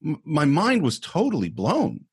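A man co-hosting a casual film discussion podcast, animated and acting out the characters' lines. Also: a little high, a little slow, vocal fry, slightly rough, dry recording, clean studio sound. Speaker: podcast co-host.

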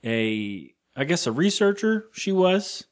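A man co-hosting a podcast, recapping a film in loose, casual chat with quick quoted lines and some swearing. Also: fairly high pitch, big pitch swings. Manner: loose and profane, retells scenes with quoted lines. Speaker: podcast co-host.

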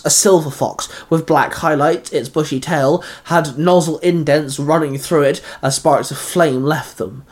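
A man reading a fan fiction story aloud in a steady, even narration. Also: fairly high pitch.

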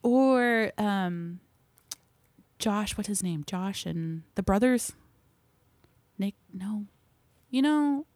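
A young woman tells stories from film work in a loose, chatty way, full of fillers and quick asides. Her voice sits in an ordinary middle range, and the recording is close and dry with no room sound. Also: medium pitch, no echo. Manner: chatty, animated storytelling with many fillers. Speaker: guest, film crew member. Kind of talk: casual interview chat.

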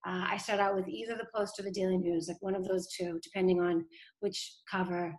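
A Boston woman who serves as a city council communications director talks casually in an interview, chatty and quick to laugh, filling her speech with "like" and "you know." Her pitch is fairly low, her tone darkish and her delivery flat.

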